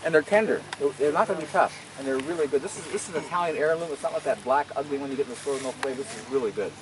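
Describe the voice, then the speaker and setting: A man's voice: medium pitch, rapid-fire. An older man giving a casual, enthusiastic tour of his garden and orchard outdoors, talking in a folksy way that stumbles and repeats words. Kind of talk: casual guided garden walk. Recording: outdoor field recording with steady background noise.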